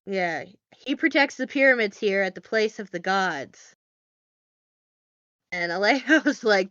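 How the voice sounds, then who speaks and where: A woman's voice: mid-range voice, animated, measured pace, long pauses, a bit bright, dry recording, dull audio. A woman co-hosting a podcast, recapping a film in a casual, rambling way full of fillers and dry asides. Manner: rambling, filler-heavy, wry. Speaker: podcast co-host.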